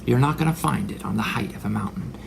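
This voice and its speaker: A man's voice: on the low side, quick pace, vocal fry, noisy background. A man in his forties delivering a religious monologue, dramatic, sometimes dropping into whispered asides. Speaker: religious speaker. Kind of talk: preaching monologue.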